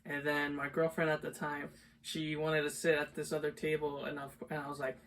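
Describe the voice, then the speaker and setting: A man's voice: fairly high pitch, monotone, fairly quick, a bit bright. A young man co-hosting a podcast, telling stories in a rambling, casual way full of filler words. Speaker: podcast co-host. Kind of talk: casual chat. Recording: distant mic, faint background noise.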